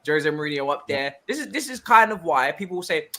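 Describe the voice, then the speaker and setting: Animated young man, jokey football chat. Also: fairly high pitch, brisk. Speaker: podcast co-host.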